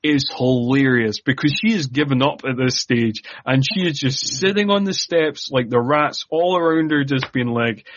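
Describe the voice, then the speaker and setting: A man co-hosting a casual film podcast, sarcastic and quick to slip into mock voices for the characters. His voice is mid-pitched and close, with a dry sound. The recording is slightly muffled. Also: dry recording. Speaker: podcast co-host.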